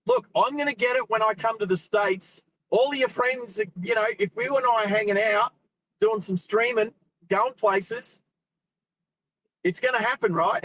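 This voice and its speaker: A talkative Australian man in middle age, his voice sitting high as he rambles along. He hosts a live stream while driving and chats loosely, laughing often. Faint car noise hums behind him. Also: a bit bright, poor audio. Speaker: host. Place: inside a car.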